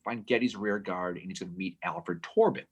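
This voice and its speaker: A man co-hosting a podcast, telling war history in an animated, casual way with swearing and quick asides. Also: on the low side, vocal fry. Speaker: podcast co-host.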